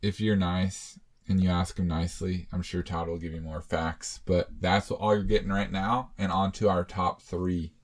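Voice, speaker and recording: A man's voice: low-pitched, little pitch movement, normal speed, few pauses. A man co-hosting a casual podcast, joking and laughing as he reacts to movie talk. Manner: jokey, laid-back, laughs often. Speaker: podcast co-host.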